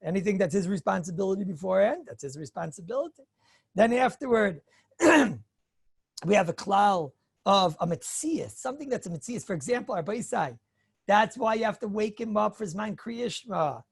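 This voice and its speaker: Gravelly-voiced rabbi giving a lecture. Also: male voice, high-pitched, normal speed, dry recording, clean studio sound. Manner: animated, acts out hypothetical dialogues; chuckles, frequent throat-clearing. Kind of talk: Torah lecture.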